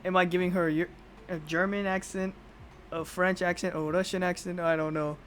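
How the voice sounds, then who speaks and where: A man's voice: high voice, little pitch movement, fairly quick, fairly bright tone, slight background noise. A young adult man live-streaming a game, reading its dialogue aloud and cursing casually as he jokes about his own voices. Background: game music.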